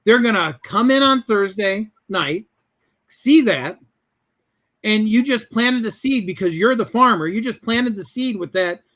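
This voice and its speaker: A man's voice: sits high, animated, measured pace, fairly bright tone. A man telling a business story as a guest in an interview, acting out both sides of the conversations.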